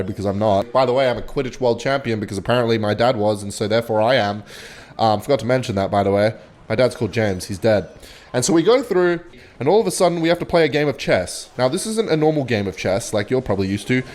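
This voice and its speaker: Guy rambling thru a story, swearing a lot, jumps from hyped up to mumbly side comments. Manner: casual, profane, swings between high excited bursts and low mumbled asides. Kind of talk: rambling comic retelling.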